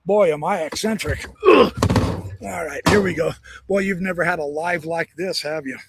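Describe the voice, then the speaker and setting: A man's voice: a little high, steady tone, moderate pace, very noisy. A man hosting a casual live stream from his backyard, rambling, joking and laughing at his own jokes. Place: backyard, outdoors.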